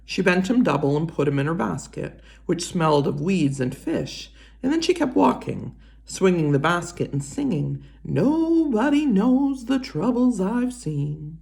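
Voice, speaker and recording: A woman reading a children's chapter book aloud in an expressive storytelling voice. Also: low voice, normal speed, vocal fry. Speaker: reader.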